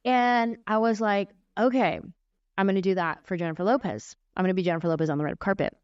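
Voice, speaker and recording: A woman in her forties, a comedian and guest on a podcast, telling stories in a casual, animated way and acting out the voices she describes. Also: mid-range voice, quick pace, smooth, no echo. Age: 40s. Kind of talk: casual storytelling in a podcast interview. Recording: dry, slightly muffled lo-fi sound.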